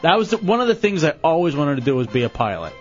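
A man hosting a radio show in casual, animated banter, quick to tease and laugh. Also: a little high. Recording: dull lo-fi radio recording with faint music.

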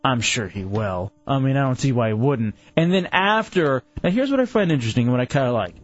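A man's voice: medium pitch, animated, brisk, no room sound, lo-fi sound. A man hosting a talk radio show, opinionated and argumentative in casual banter.

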